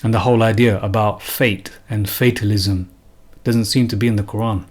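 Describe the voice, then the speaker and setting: A man's voice: on the low side, fairly even intonation, normal speed. A man giving an unscripted religious talk, earnest and emphatic, often repeating and restarting phrases. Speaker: religious commentator.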